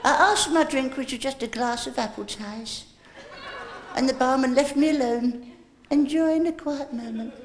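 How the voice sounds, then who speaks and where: A man's voice: very high-pitched, normal speed, a little hiss or hum. A man doing live stand-up comedy, teasing audience members in a cheeky way. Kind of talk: live stand-up with crowd banter. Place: large theatre stage. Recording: echoey live theatre tape with loud crowd.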